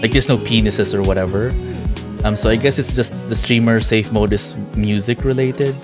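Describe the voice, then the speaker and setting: Man, game streamer, casual chat, quick laughs, faint music behind. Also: fairly low pitch, fairly even intonation. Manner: chatty, laughing, self-deprecating. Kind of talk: casual gameplay commentary.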